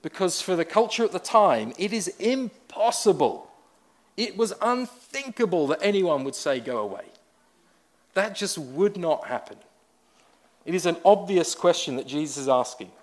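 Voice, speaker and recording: Male pastor, slightly high voice, wry storytelling sermon. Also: lively intonation, normal speed. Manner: conversational storytelling with wry asides.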